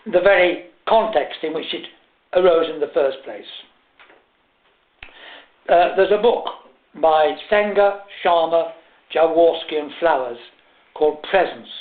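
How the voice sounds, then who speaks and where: An older English man lecturing to a class, hesitant with many fillers, wry and self-mocking. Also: on the high side. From England. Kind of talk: lecture with anecdotes. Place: lecture room. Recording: tinny echoey room recording, faint hiss.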